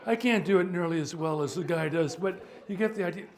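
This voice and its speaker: Older male clergyman, informal teaching talk, wry asides, voice a touch high. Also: brisk, background noise. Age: 70s. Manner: chatty, joking, stops to sort out sound. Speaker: priest leading a workshop.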